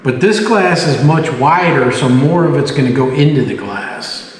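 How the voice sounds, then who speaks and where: A man's voice: mid-range voice, animated, normal speed. A man casually chatting and joking to himself while he makes a smoked cocktail at home. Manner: chatty, jokey, talks to himself while working. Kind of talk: casual talk while demonstrating. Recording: echoey room audio with long reverb and faint hiss.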